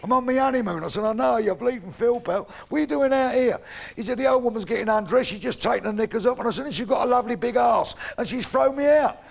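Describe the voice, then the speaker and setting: A man's voice: very high-pitched, quick pace, vocal fry. A middle-aged man with a London Cockney accent doing live stand-up, brash and crude, swearing freely and acting out both sides of his stories. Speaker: stand-up comedian. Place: stage in front of a live audience. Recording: noisy live stage recording.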